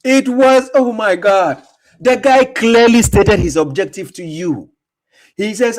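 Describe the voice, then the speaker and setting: A high-pitched man speaks slowly as he hosts a reaction to a video. He mocks what he sees with heavy emphasis, laughing a lot and saying words over again.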